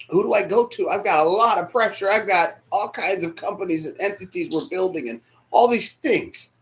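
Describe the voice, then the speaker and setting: A man preaching a sermon as pastor, emotional, dropping to near whispers and rising to shouts. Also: high voice, expressive, moderate pace. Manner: emotional, swings from hushed to shouting. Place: church sanctuary.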